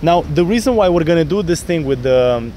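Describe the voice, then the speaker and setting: Animated male dating coach on a street. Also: on the high side, fairly quick, slight background noise. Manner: animated, acts out pickup lines in different voices. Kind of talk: outdoor coaching talk. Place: city street outdoors.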